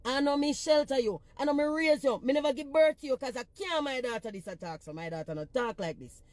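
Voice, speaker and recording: A woman's voice: high-pitched, animated, fast talker, a little mellow, no room sound. Blunt Jamaican woman scolding her livestream viewers. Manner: blunt, profane, scolding commenters. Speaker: social media personality. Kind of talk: ranting on a phone livestream.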